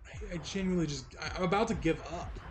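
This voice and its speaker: A man's voice: high voice, fast, slight background noise. A young man commentating a video game he is playing, swearing and exasperated, often stammering and restarting his sentences. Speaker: gaming streamer. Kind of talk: frustrated let's-play commentary. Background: game music.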